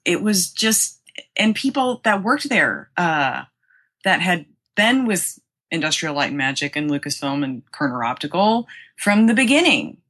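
A woman with a low-pitched but bright, forceful voice tells a story as an interview guest. She rambles animatedly, restarting sentences often and acting out what people said. It sounds like relaxed, casual storytelling. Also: measured pace. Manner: animated, rambling with many restarts and acted-out quotes.

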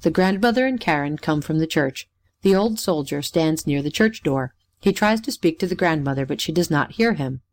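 A woman's voice: deep voice, expressive, moderate pace. A woman reading out stage directions in a plain, matter-of-fact way. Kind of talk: play reading.

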